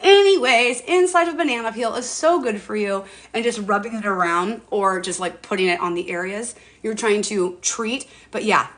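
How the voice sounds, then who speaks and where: A chatty woman in her forties talks to her viewers from home. She sounds bubbly and loose, with a mild curse here and there. Her voice sits at a middling pitch. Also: normal speed, few pauses, a bit bright. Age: 40s. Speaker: skincare livestreamer. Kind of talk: casual live-stream chat.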